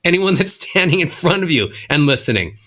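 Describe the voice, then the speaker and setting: Animated man swooping his pitch. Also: fairly quick. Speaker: voice coach guest. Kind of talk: podcast interview, demonstrating tips.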